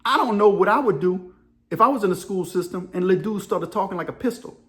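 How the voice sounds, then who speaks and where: A man's voice: high-pitched, lively intonation, fast, fairly bright tone. A middle-aged man telling a story in a casual monologue, acting out voices and sound effects and laughing often. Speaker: storyteller and channel host.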